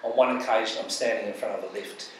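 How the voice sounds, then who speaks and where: A man's voice: fairly low pitch, steady tone, fast. Impassioned Australian man in an echoey hall. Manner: impassioned, emphatic repetition. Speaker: panelist, charity advocate. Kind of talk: public panel talk with storytelling. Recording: echoey hall from far off, faint noise.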